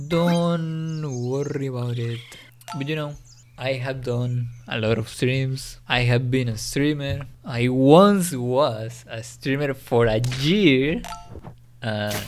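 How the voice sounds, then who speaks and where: A young man whose first language is Spanish, rambling through a casual monologue in halting English, full of restarts and "you know". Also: mid-range voice, slight background noise. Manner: rambling, repeats fillers like "you know" and "don't worry". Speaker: YouTuber.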